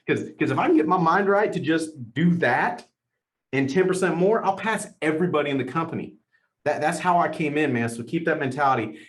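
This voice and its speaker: Man in his forties, motivational host, energetic and emphatic, repeats key phrases. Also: fairly high pitch. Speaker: host leading a team call. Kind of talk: motivational team call.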